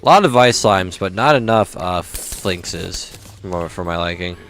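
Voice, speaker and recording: A man's voice: deep voice, expressive, unhurried, a bit bright, a little hiss or hum. A young man casually commenting while playing a video game, swearing often and grumbling at the game. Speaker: gaming YouTuber. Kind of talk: casual let's-play commentary.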